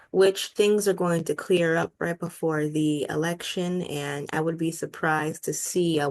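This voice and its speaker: A young woman in her twenties teaches astrology casually, thinking aloud with plenty of ums and uhs. Her voice sits a little low and crackles with vocal fry, worn and hoarse as she loses it. She speaks through her laptop's built-in mic on a video call. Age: 20s. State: losing her voice. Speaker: astrologer host. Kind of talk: casual screen-share astrology lesson. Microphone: laptop built-in mic over a video call.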